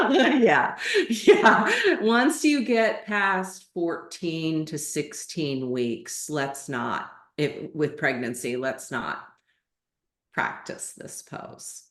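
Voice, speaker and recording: A woman yoga teacher giving calm, measured guidance in an online class. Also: sits low. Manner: calm, measured instruction with gentle reassurance. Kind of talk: guest instruction in a live online class. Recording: echoey room.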